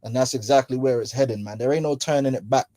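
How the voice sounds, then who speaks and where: A man's voice: medium pitch, quick pace, dark tone, no room sound. Slangy, preachy man with a dry sound. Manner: slangy, mocking, preachy, laughs often. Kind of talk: casual religious commentary. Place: London.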